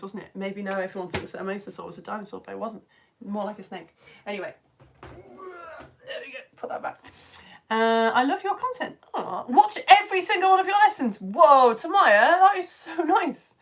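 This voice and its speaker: Bubbly woman from the UK, live online science teacher, higher voice with a bouncy, animated delivery. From United Kingdom. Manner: chatty, enthusiastic, laughs often. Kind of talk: live-streamed lesson, reading viewer comments.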